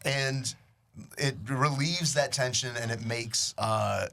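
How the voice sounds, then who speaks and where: A man's voice: medium pitch, slow, gravelly, a bit bright. A man who performs comedy, rambling and joking in a casual podcast conversation.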